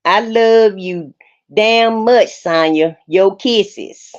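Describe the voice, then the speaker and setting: A woman doing a lovesick jailed man on a call, drawling out sweet nothings at an unhurried pace. The sound is dull and muffled. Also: mid-range voice. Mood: doting.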